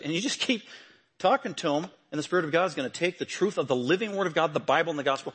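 A man preaching a sermon, talking through a passage and building to loud, emphatic proclamations. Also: a little high, lively intonation, fast talker, slightly rough.

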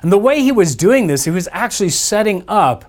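A man's voice: high voice, big pitch swings, a little fast. A man preaching a sermon as pastor, in a conversational style with playful asides to his listeners. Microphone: church podcast mic.

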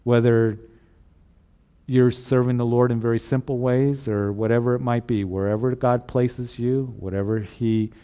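A man's voice: mid-range voice, steady tone, normal speed, warm tone, clean tone. A man preaching a sermon as a pastor, earnest and repeating rhetorical questions to the congregation.

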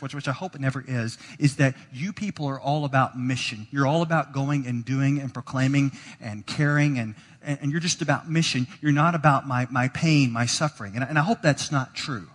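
A pastor preaches a sermon in a church sanctuary, his mid-range voice fairly bright and carried through a large hall. He sounds earnest and often repeats words as he begins a phrase.

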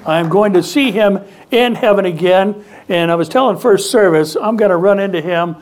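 High-voiced emphatic preaching man. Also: moderate pace, darkish tone. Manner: emphatic preaching, calls for congregation responses. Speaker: pastor. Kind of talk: sermon. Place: church sanctuary.

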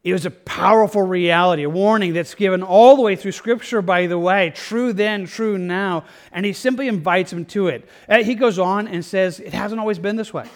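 A man's voice: sits high, normal speed, hardly any pauses. A man pastor preaching a verse-by-verse sermon in an earnest, conversational way. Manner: conversational, earnest, with restarts and "like" asides.

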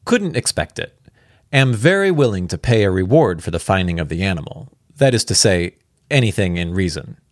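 A man reading aloud as a tall, stout sailor in a storybook reading, gruff and wary, his voice pushed a little higher. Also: very animated, moderate pace, no echo, studio quality.

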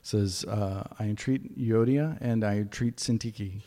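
A man's voice: on the low side, a little slow, mellow. Man preaching in a reverberant hall. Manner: conversational, folksy asides. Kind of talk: sermon.

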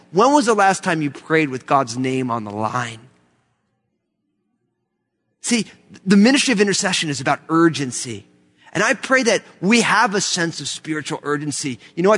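A man's voice: high-pitched, big pitch swings, normal speed, a bit bright. A man from the United States preaching a sermon, emphatic and fervent, with many rhetorical questions. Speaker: pastor. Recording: long hall reverb.

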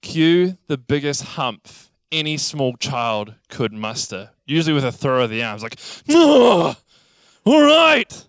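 A young man preaching a sermon, telling childhood stories in a lively, animated way. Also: medium pitch, measured pace, hardly any pauses, clear, resonant tone, dry recording, studio quality. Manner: animated storytelling, acts out childhood scenes. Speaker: pastor.

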